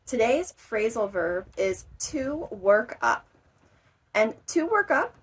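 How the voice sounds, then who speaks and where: Woman English teacher, slow, careful delivery, somewhat high voice, acts out examples. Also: rough recording. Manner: slow, clear explanations with acted example lines. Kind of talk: explaining vocabulary to learners.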